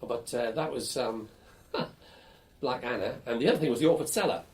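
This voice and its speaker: An older man being interviewed for an oral history, telling lively, blunt stories about his student days. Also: medium pitch, moderate pace. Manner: lively storyteller, animated and blunt, swears casually.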